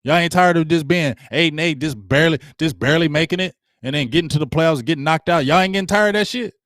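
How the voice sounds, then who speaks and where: Middle-aged guy ranting on sports, slangy and fired up, kinda high voice, dry close mic. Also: fast, a bit bright, no room sound. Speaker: sports talk show host. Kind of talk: passionate sports rant to a live chat.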